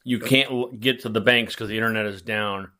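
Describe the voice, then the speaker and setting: A man co-hosting a casual chat, talking in a measured, hesitant way with frequent ums. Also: on the low side, steady tone, sharp tone.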